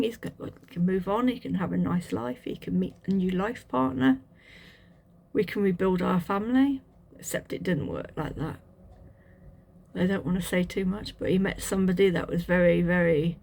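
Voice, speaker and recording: A woman telling her personal testimony in a halting, reflective way, with restarts and fillers. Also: medium pitch, gravelly, a little mellow. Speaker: channel host sharing a testimony.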